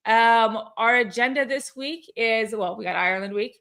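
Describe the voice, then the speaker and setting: A woman's voice: fairly high pitch, moderate pace, fairly bright tone. A woman co-hosting a weekly company call in casual chat, upbeat and chatty, laughing often.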